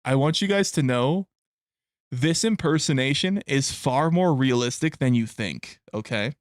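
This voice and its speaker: A man's voice: mid-range voice, lively intonation, measured pace, no room sound, clean studio sound. A young adult man chatting casually on a live stream, rambling and swearing, often breaking into laughter. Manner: rambling, profane, laughs a lot.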